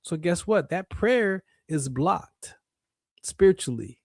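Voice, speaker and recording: A man's voice: sits high, animated, slow, gravelly, no echo, clean studio sound. A man hosting a radio show, giving an emphatic, repetitive faith talk monologue in a preacher-like way.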